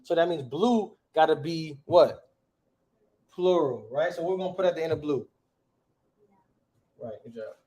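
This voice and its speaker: A man's voice: fairly high pitch, lively intonation, measured pace, pauses often, dark tone. A man teaching a class in a casual, slangy way, often checking with the students by asking "right?". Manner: slangy, conversational.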